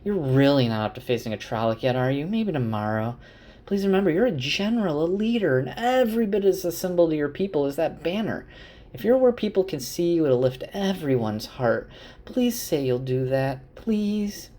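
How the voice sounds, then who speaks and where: A man's voice: a little high, a little slow, a little mellow, voice pushed up, close to an everyday voice. Man doing a sugary young lady, lifted well above his own voice, syrupy and scheming; book-recap read-aloud. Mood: syrupy pleading. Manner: over-the-top sweet pleading.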